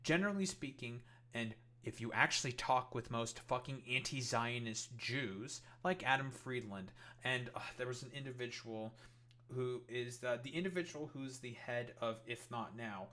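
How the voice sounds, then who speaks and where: A man's voice: medium pitch, moderate pace, pushed and bright. A man giving profane, heated political commentary, reacting to clips and swearing constantly.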